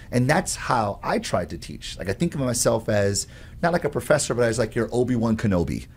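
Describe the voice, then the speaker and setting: A man who teaches at a college, explaining his ideas on learning in an animated, storytelling way and often adding "right?". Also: fairly low pitch, slightly rough. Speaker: professor. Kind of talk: conversational explanation.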